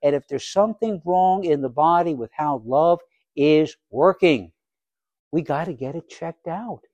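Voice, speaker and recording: A man preaching a sermon as pastor, asking rhetorical questions and acting out little scenes, swinging between quiet and loud. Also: a little high, measured pace, no echo, lo-fi sound. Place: church sanctuary.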